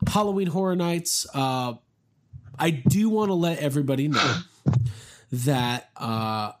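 Excitable rambling podcast host, young man. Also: fairly high pitch, takes it slowly, a little hiss or hum. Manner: excitable, rambling, self-mocking. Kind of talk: casual chat.

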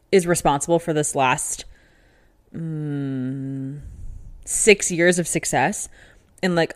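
Chatty exasperated woman in her thirties. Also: sits low. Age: 30s. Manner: chatty, exasperated, says "like" constantly. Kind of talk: casual talking-to-camera rant.

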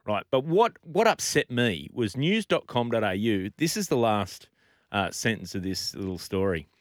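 A man's voice: on the low side, normal speed, dry recording, clean studio sound. An Australian man co-hosting a radio show, chatting casually and getting worked up, laughing often. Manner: animated, gets fired up, laughs often. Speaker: radio co-host. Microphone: studio microphone.

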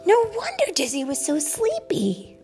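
A woman's voice: high-pitched, measured pace, voice pushed up, heavily acted. A woman doing an eager little boy bunny. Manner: bright, excited storybook voice. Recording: soft background music.

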